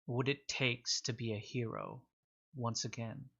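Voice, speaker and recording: Guy running a tabletop game, slow dramatic narration, kinda dull lo-fi mic. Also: medium pitch, fairly even intonation, gravelly, bright, forceful tone. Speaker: game master.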